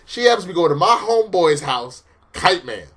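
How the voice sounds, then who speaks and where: A man's voice: a little high, very animated, brisk, a bit bright, slightly rough. A man co-hosting a casual comedy review show, retelling a cartoon episode with profane acted quotes. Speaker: show co-host.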